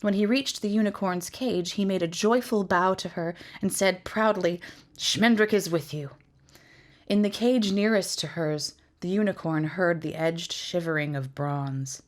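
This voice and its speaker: A woman reads a fantasy novel aloud with measured, expressive pacing. Her voice sits on the low side, steady through long descriptive passages. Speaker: reader.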